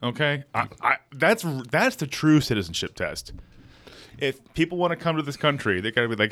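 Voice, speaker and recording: A man hosting a podcast, chatting casually and rambling through jokes with loud bursts. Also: medium pitch, big pitch swings, fairly quick, no echo. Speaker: podcast host. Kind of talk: casual comedic chat.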